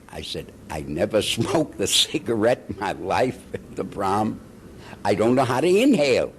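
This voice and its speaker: Older man, lively chuckling storyteller. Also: fairly low pitch, moderate pace, slight background noise. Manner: animated, chuckling storyteller who acts out the people he quotes. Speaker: veteran actor being interviewed. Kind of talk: anecdotal storytelling.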